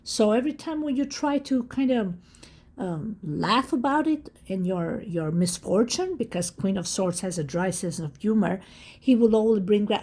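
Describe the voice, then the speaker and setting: Woman, tarot reader, husky, mellow, excitable, emphatic, talks to viewers. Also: mid-range voice, normal speed. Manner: excited, emphatic and repetitive, addressing viewers directly. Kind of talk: casual tarot reading to camera.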